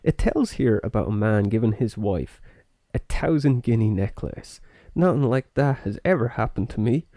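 A man's voice: lowish voice, animated, moderate pace, few pauses, mellow, dry recording, studio quality. A man voicing a wife in an old newspaper joke, reading her line aloud.

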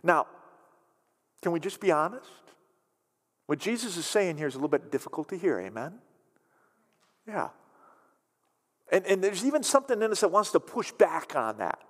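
A male pastor preaches with emphasis, repeating his key phrases and stretching some words out slowly. His voice sits high and swings widely in pitch, and it carries the long reverb of a large church hall. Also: very animated, fairly bright tone. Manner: emphatic, repeats phrases, shifts between quick and slow drawn-out words. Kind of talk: sermon.

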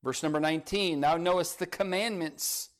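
A man preaching a sermon, rising to emphatic peaks and dropping to quiet, soft passages, and reading scripture aloud. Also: on the high side, normal speed. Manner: reads scripture in old-style phrasing. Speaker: pastor.

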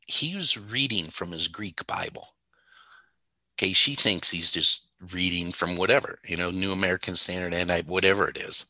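This low-pitched man, a Bible teacher co-hosting a casual theology talk, speaks at normal speed with vocal fry and a sharp tone. He tells stories with emphasis and laughs often. No room sound is audible.

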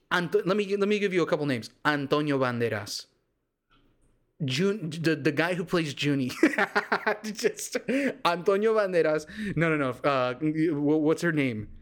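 A young man from Texas hosting a casual solo podcast, rambling loosely and jokily with lots of fillers and restarts. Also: on the high side. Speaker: podcast host. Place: warm home room with a fan running.

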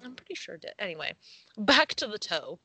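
A woman's voice: medium pitch, very animated, fairly quick, sharp tone, no room sound, rough recording. A young woman co-hosting a casual podcast, reading a news story aloud with frequent giggles and casual swearing. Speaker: podcast co-host.

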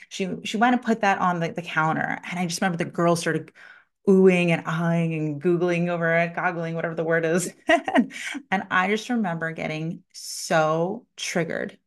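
Lively storytelling woman, lowish voice. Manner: animated storyteller, acts out quoted voices, laughs often. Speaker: podcast host. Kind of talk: personal storytelling and spiritual talk.

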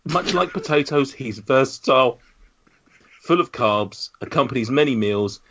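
A man's voice: medium pitch, lively intonation, moderate pace, fairly bright tone. A man hosting a casual podcast, giving jokey, teasing introductions of his guests. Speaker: podcast host. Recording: dull lo-fi recording.

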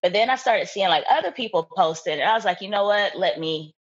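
A young woman chatting casually as an interview guest, laughing often and talking in an animated way. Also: medium pitch, fast talker, husky, lo-fi sound. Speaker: guest, content creator.

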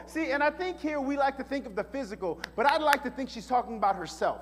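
A man preaching a sermon as pastor, animated and casual, full of slang and rhetorical questions. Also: very high voice, quick pace. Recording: echoey hall reverb.

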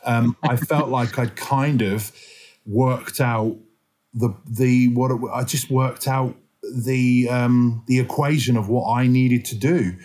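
Rambling English actor in casual chat. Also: male voice, mid-range voice, fairly even intonation, slow pace, darkish tone. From England. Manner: rambling, many fillers and restarts. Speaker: actor guest.

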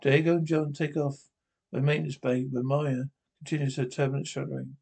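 A man reading a TV episode aloud with descriptions, halting and restarting often. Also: medium pitch, level tone, vocal fry, warm tone, husky.

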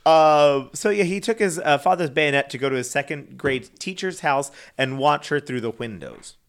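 A man's voice: fairly high pitch, normal speed, clear, resonant tone. A man co-hosting a casual chat, retelling a story in a giggly, rambling way. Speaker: podcast co-host.

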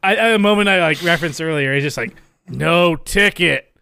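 High-pitched man chatting about a movie. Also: expressive, rapid-fire, pushed and bright, smooth, no echo. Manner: retells scenes by acting out bits of dialogue. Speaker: podcast co-host. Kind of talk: casual movie-discussion chat.

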